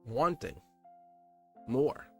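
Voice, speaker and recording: A man's voice: medium pitch, very animated, very slow, creaky, dark tone, faint music behind. A man hosting a live-streamed tarot reading, speaking earnestly and emphatically and repeating himself for emphasis. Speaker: tarot reader.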